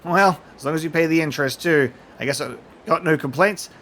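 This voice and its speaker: A man voicing a gruff, threatening loan shark in a video game. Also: fairly high pitch, fairly quick, a bit bright, a little hiss or hum, natural voice. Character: pushy male loan shark thug.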